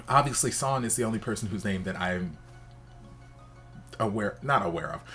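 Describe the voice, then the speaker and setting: A man hosts a reaction video with casual, campy commentary, leaping into high, exaggerated exclamations. His voice is a bit bright.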